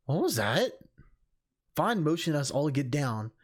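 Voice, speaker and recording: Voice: medium pitch, sing-song, unhurried. A streamer reading a game's story aloud and breaking off for chatty, laughing asides. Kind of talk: reading narration with live commentary.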